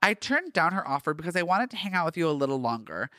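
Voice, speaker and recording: A man reading the lines of a young male actor from his own fan fiction, gently exasperated. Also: a little high, big pitch swings, fast talker, no echo, clean studio sound.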